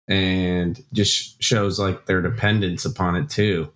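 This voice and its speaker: A man's voice: lowish voice, a little slow. A man co-hosting a podcast, speaking conversationally with many fillers. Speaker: podcast co-host. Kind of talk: casual book-club chat.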